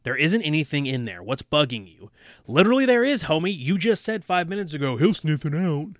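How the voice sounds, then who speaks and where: A man mocking a panicky adult man in a shrill, exasperated voice, swearing at his dog. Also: lively intonation, a little fast, pushed and bright, dry recording, clean studio sound. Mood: shrill exasperation.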